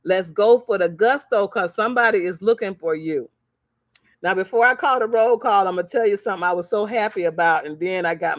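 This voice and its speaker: This crafts seller and vlogger has a medium-pitched voice and a moderate pace, captured at studio quality with no room sound. Speaking to viewers on a motivational livestream, she acts out the people in her animated stories and drives points home by repeating phrases like a preacher.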